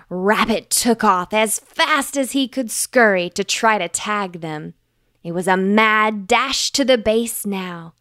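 A woman narrating a bedtime story for children, gentle, clear and unhurried. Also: medium pitch, no room sound, studio quality.

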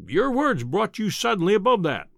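A man voicing a pompous, booming older male professor who talks down to his listener in an audiobook reading. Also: very animated, normal speed, gravelly, no echo, clean studio sound, exaggerated voice. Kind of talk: audiobook character voice.

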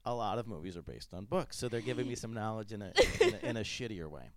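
Fast-talking joking man, low voice. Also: huge pitch swings, dry recording. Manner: crude, joking storyteller with lots of restarts. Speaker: podcast host. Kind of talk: casual chat.

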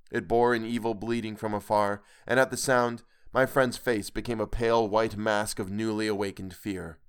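A man narrating a horror story in a measured, grave storytelling manner. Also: lowish voice, clear, resonant tone.

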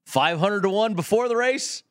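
Casual: west coast guy cohosting, rambly, kinda high voice, keeps restarting. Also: animated, moderate pace, clean tone. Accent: West Coast American. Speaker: co-host. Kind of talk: casual sports-betting chat.

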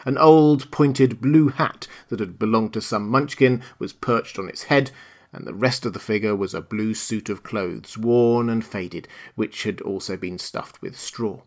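A man narrating a classic children's tale in a calm, measured reading. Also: fairly low pitch. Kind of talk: storybook narration.

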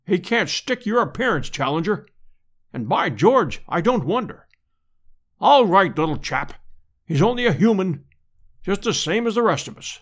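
A man voicing a bluff, slangy aristocratic English hunter who speaks briskly and heartily. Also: sits high, big pitch swings, fairly bright tone, exaggerated voice. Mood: hearty.

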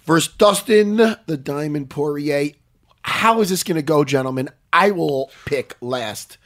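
A man hosting a casual fight-pick chat, swinging between mumbles and loud outbursts. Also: on the high side, unhurried. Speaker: podcast host.

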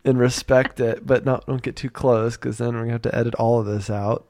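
A man's voice: medium pitch, steady tone, brisk, a little mellow, dry recording, clean studio sound. Joking, self-mocking male podcast host. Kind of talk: casual podcast chat.

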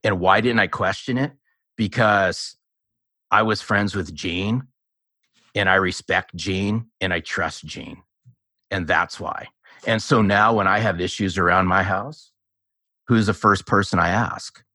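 A very deep-voiced man speaks as a guest on an interview with emphatic, persuasive points. His tone is forceful and husky. His voice is recorded dry and close. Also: measured pace, no room sound. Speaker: guest, sales author. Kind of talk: conversational interview answers.

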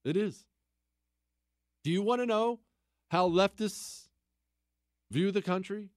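A man's voice: sits high, takes it slowly, no room sound, studio quality. A man hosting a talk radio show, delivering a sarcastic political commentary monologue with mocking repetition and incredulous outbursts.

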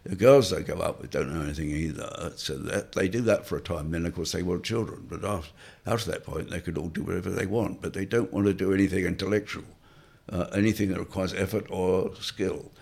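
A man's voice: deep voice, a little fast, gravelly, a little mellow, breathy edge. An older man, an interview guest, telling wry, rambling anecdotes and chuckling through them. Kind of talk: anecdotal reminiscing.

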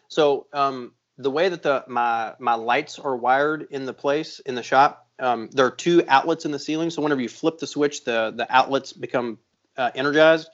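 A man co-hosting a podcast, telling rambling stories in casual chat and swearing freely. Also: medium pitch. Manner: profane, rambling storyteller. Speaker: podcast co-host, knifemaker. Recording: dull lo-fi sound.

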